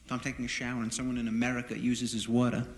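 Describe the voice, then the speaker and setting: A man doing a stand-up monologue in front of an audience, telling deadpan, self-deprecating stories. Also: medium pitch, rapid-fire. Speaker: stand-up comedian. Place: live venue with an audience. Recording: roomy live recording with noise. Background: audience laughter.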